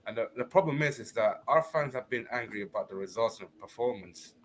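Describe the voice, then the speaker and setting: A man talks football in a halting, rambling way over a faint hum of background noise. His voice sits mid-range. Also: mid-range voice, lively intonation, a bit bright. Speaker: panelist. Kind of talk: casual football chat.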